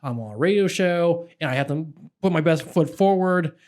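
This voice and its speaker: A man's voice: a little high, expressive, darkish tone. A man from Philadelphia, a political activist guest, telling a story in casual podcast chat with lots of restarts. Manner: earnest, halting storyteller with many restarts.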